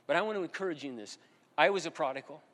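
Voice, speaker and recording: A man's voice: fairly high pitch, very fast, a bit bright. A middle-aged pastor preaching a sermon, earnest and emphatic, repeating his key phrases. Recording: long hall reverb.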